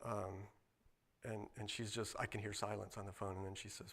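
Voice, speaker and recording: A middle-aged man from Ohio giving a personal testimony at a church service, rambling with restarts and fillers, and growing animated at exciting moments. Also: fairly low pitch, moderate pace, creaky. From Ohio, United States. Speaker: guest speaker at church service.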